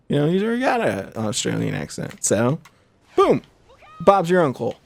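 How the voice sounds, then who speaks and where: Rambling young man with a lively pitch. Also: a little fast, gravelly, no room sound. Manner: rambling, chatty, lots of fillers and restarts. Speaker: gaming channel host. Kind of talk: casual let's-play commentary.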